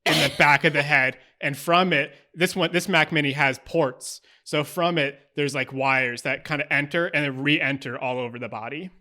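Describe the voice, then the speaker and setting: A man's voice: on the high side, steady tone, normal speed, few pauses, sharp tone. A man narrating as game master of a tabletop role-playing game, describing scenes casually with fillers and easy laughter.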